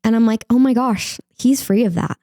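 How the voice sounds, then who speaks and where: A woman's voice: a little high, normal speed, dark tone, no echo, studio quality. A young woman speaking as a podcast guest, sharing a personal story candidly and acting out her own past words. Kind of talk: emotional personal interview.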